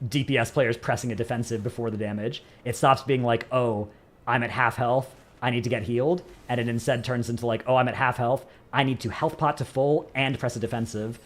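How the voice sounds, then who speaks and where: A man from the United States, chatting casually on a live stream, rambling and joking at his own expense. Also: mid-range voice. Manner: rambling, self-mocking, joking. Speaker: streamer answering chat.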